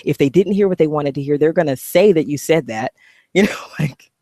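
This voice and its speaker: Blunt, animated woman vlogger. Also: deep voice, fairly quick, no echo, studio quality. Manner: blunt, animated, swearing freely. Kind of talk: casual talking-head vlog.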